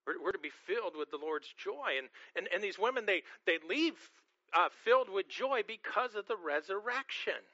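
A man's voice: sits high, expressive, moderate pace, sharp tone, no echo, lo-fi sound. A man preaching an earnest sermon, often repeating words as he starts a phrase and asking the congregation questions. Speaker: pastor.

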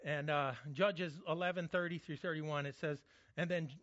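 High-pitched guy preaching, chatty and jokey, dry muffled sound. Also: fairly even intonation, moderate pace, fairly bright tone, no echo. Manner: conversational, jokey, frequent restarts. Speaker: pastor. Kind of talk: sermon.

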